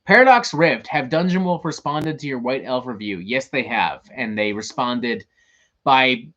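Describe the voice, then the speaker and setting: A man's voice: medium pitch, expressive, unhurried, a bit bright, muffled recording. A man hosting a show, ranting in casual talk, profane and exasperated. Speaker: host.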